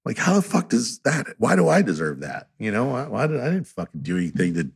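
A man's voice: sing-song, a little fast, vocal fry, slightly rough. A man, a tattoo artist guest, chatting profanely on a podcast and telling stories. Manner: profane, storytelling, imitates others in a low voice. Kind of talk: casual podcast chat.

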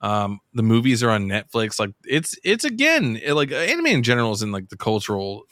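A man's voice: fairly quick, no room sound, studio quality. A man co-hosting a podcast, chatting casually and rambling with many restarts. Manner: rambling, restarts, goes high when excited. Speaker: podcast co-host. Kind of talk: casual chat.

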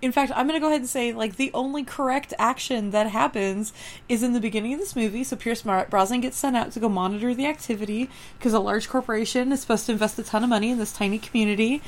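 A woman's voice: a little high, fast. A woman co-hosting a casual movie-review podcast, ranting emphatically with plenty of swearing. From California. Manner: emphatic, profane, animated rants. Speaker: podcast co-host.

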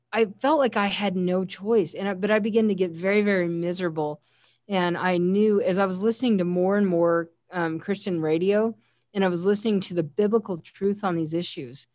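A woman's voice: on the low side, normal speed, darkish tone, dry recording. Earnest woman telling her faith story. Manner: quotes scripture often. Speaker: guest sharing a personal testimony. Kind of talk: personal faith testimony in an interview.

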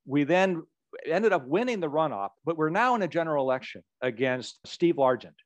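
A man, a political ad maker, telling a lively campaign anecdote as an interview guest, often repeating words as he goes. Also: fairly high pitch, brisk, dry recording. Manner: animated storyteller who repeats words as he goes.

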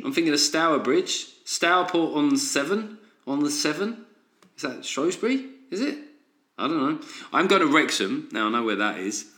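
A man's voice: mid-range voice, a bit bright. A man hosting a solo comedy podcast, ranting sardonically and tossing in frequent "right?" asides. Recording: roomy echo.

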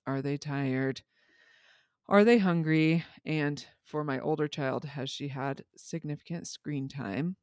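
On a casual parenting podcast, a male co-host talks things through reflectively, explaining with everyday examples and asides. His voice sits on the high side and he speaks slowly, with clean studio sound and no room noise.

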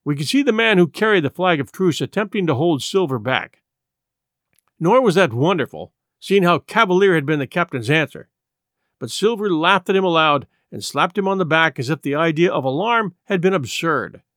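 A man narrates a classic adventure novel, storytelling with plenty of expression. His voice is a touch high and rises and falls freely. The recording is close and dry. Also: expressive, normal speed, a bit bright, no room sound. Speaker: audiobook narrator.

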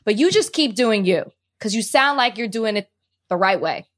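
A woman's voice: medium pitch, animated, moderate pace. Laughing woman podcast co-host. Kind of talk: casual podcast banter.

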